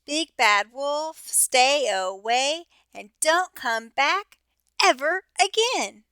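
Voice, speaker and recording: A woman voicing a chorus of cheeky little chicks and ducklings in a slow sing-song taunting chant. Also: high-pitched, expressive, bright, forceful tone, no echo, voice pushed up, heavily acted.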